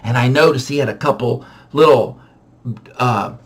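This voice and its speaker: A man casually telling a funny true story from his childhood, animated and self-mocking, with frequent restarts. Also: mid-range voice, moderate pace, slightly rough.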